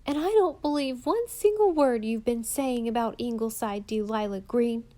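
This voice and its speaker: A woman's voice: a little high, normal speed, mellow, close to an everyday voice. Storybook role: woman voicing a blunt, honest schoolgirl, accusing.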